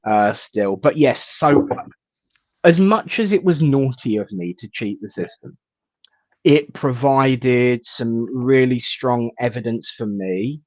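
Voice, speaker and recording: A man, a reverend hosting a casual live chat, rambling warmly and greeting viewers by name. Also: mid-range voice, expressive, takes it slowly, dry recording. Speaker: host, reverend. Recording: dull lo-fi sound.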